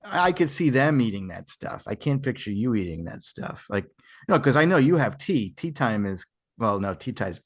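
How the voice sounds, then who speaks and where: A man's voice: mid-range voice, big pitch swings, moderate pace. An American man guesting on a podcast, talking casually with hesitant, stammering restarts. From United States.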